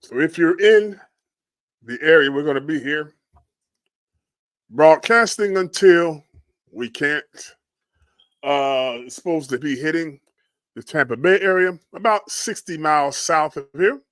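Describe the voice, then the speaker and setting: A man from Florida hosting a livestream and commenting on storm damage photos, murmuring hushed, prayerful exclamations between his remarks. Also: a little high, expressive, a little slow, pauses often, no room sound. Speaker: livestream host.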